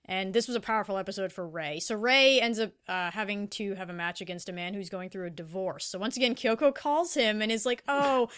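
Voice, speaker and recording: A woman talks through anime episodes on a podcast in a relaxed, casual way. Her voice is clean and smooth, at an ordinary pitch. She gets animated and stumbles over her words, restarting often. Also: a little fast, hardly any pauses. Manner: animated, with many fillers and restarts. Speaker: podcast co-host.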